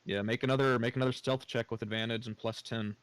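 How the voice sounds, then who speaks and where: A man narrating as game master, casual and halting, with many fillers and restarts. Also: mid-range voice, fairly even intonation, a little hiss or hum, low-quality recording.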